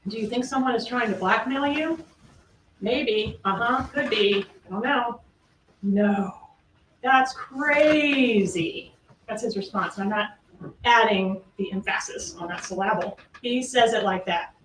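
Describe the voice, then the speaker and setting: A woman's voice: mid-range voice, fairly bright tone, slight background noise. A woman prosecutor giving a closing argument in court, pressing the jury with pointed rhetorical questions. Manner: rhetorical questions, emphatic pauses. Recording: echoey courtroom audio from far off.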